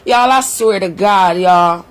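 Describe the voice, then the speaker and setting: A woman's voice: mid-range voice, slow pace. Woman, livestream rant, heated, cursing, scolding. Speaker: social media commentator.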